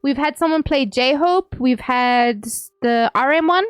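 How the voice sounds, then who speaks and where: A young woman speaks a little slowly in a high, clean-toned voice while livestreaming, chatting casually, reading messages from viewers aloud, and laughing frequently. There's no room sound.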